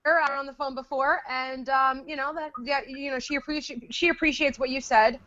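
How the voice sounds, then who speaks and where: A woman's voice: high-pitched, steady tone, a little fast, sharp tone, no echo. A woman co-hosting a casual chat show, rambling and swearing freely. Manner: rambling, profane. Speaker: podcast co-host. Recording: dry dull lo-fi recording.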